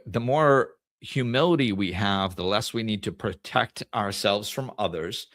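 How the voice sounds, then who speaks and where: A man's voice: on the low side, a bit bright, no room sound, clean studio sound. A man hosting a podcast, telling stories in a casual, conversational way about spiritual life, with frequent restarts. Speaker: podcast host.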